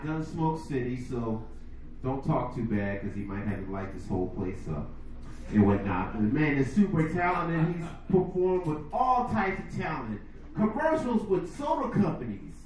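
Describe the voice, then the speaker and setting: A man's voice: fairly high pitch, heavy reverb, far from the mic, slight background noise, poor audio. A man emceeing and doing stand-up at a comedy venue, crude and swearing as he hypes the crowd. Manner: crude, loud hype, swearing.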